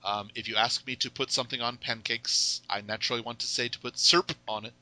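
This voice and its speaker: Male host, General American, very bright tone, playful banter. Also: medium pitch, steady tone, low-quality recording. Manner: chatty, playful, quick to laugh. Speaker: podcast host. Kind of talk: casual interview chat.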